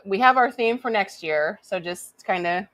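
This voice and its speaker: A woman's voice: medium pitch, expressive, moderate pace, fairly bright tone, dry recording, poor audio. A woman hosting a live cooking show from a home kitchen, chatting casually and laughing easily.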